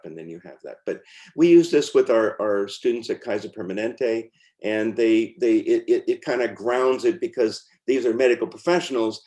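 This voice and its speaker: Low-voiced man demonstrating pronunciation software. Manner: informal, with fillers and restarts. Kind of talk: screen-share walkthrough.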